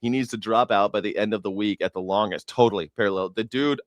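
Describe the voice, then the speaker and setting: A man's voice: lowish voice, fast talker, no room sound. Blunt, foul-mouthed man ranting on news. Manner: blunt, mocking, swears a lot, laughs at his own jokes. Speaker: news reaction host. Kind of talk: profane opinionated commentary.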